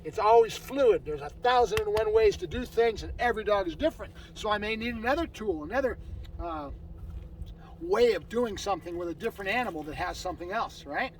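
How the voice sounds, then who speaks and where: A high-voiced man explains dog training in an emphatic, informal way, often tagging his points with "right?". He stands some distance from the microphone outdoors. Faint traffic hums in the background. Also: expressive, brisk. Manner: emphatic, keeps asking "right?".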